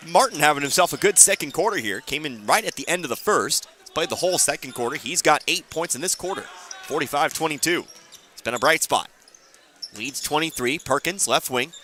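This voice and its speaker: A man calling a high school basketball game on the radio, quick play-by-play with dry asides. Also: expressive, pushed and bright, slight background noise. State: hiccuping. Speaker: play-by-play announcer.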